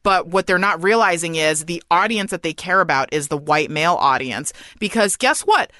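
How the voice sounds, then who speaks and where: A woman making her case in heated podcast talk, forceful and profane. Her voice is bright and close, with a dry sound and no room echo. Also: lowish voice, expressive, normal speed. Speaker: podcast co-host. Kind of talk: casual podcast chat.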